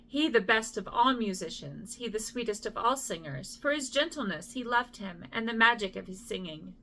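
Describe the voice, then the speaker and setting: A woman's voice: fairly high pitch, animated, normal speed, a bit bright. A middle-aged woman reading a poem as a bedtime story. She trips over the hard names and breaks off to apologize and joke at her own expense. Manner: stumbles over names and apologizes with self-deprecating asides.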